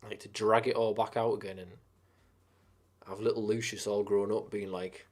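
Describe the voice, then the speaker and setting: Low-voiced man ranting casually about films. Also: level tone, moderate pace. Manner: swearing, rambling, enthusiastic about films. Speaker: streamer. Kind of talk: casual live-stream chat.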